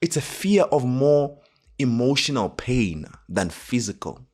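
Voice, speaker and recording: Man, south african accent, casual motivational talk, acts out quotes, very expressive pitch. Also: measured pace. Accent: South African English. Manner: animated, acts out dialogue with rising pitch. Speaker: host.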